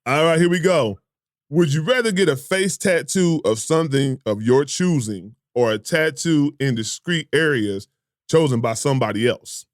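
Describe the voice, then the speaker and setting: A man hosts a relaxed podcast conversation, running through would-you-rather questions. His voice sits a little high and swings up and down a lot. He sounds laid-back and profane, laughs often, and is recorded dry and close. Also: normal speed, no room sound. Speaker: podcast host.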